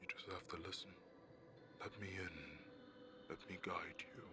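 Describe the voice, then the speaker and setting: A man voicing a sinister male spirit in a video game, speaking in a hushed, gravelly, coaxing whisper, with game audio hiss behind him. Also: low-pitched, fairly even intonation, music in the background, close to an everyday voice. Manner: slow and coaxing.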